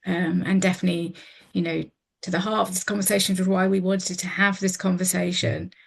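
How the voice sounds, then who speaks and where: A woman's voice: fairly low pitch, little pitch movement, fairly quick, creaky, husky. A woman moderating a panel talk, thanking a speaker and easing in with hesitant fillers.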